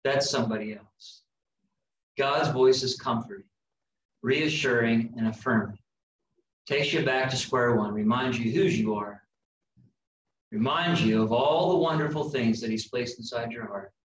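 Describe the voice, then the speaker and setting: A man preaching a sermon, slow and emphatic with dramatic pauses. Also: mid-range voice, a little hiss or hum. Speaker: pastor. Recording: echoey room heard from a distance.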